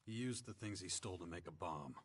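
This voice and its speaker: A low, dry sarcastic hero. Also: male voice, quick pace, husky. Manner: dry and deadpan. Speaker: video game protagonist.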